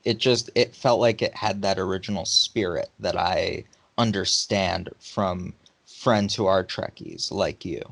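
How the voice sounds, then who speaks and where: Low gravelly man, hesitant. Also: a little slow, fairly bright tone. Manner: hesitant, with fillers. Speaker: podcast co-host. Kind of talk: casual chat.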